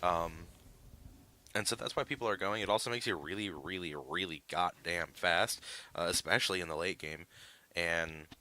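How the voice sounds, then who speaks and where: A man's voice: deep voice, normal speed, bright, forceful tone. A man giving live esports analysis, explaining picks at length with frequent "uh" fillers. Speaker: esports caster.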